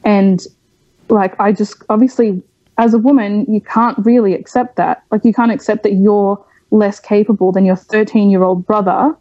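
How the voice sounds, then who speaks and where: Guest: young woman from Australia, candid interview, mellow dry voice, animated storyteller. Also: medium pitch, normal speed, no echo, muffled recording. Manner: frank, animated storytelling with many fillers. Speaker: podcast guest.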